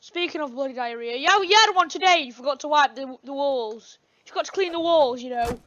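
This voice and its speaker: A woman vlogging a pretend spooky adventure, swinging dramatically between hushed whispers and excited shouts. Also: high-pitched, a little fast, no echo, muffled recording.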